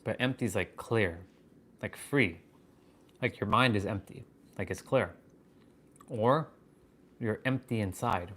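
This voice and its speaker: A man hosting a livestream, musing aloud in halting, wondering phrases with bursts of excited swearing. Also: lowish voice. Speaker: fitness and wisdom livestream host. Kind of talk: live stream musing.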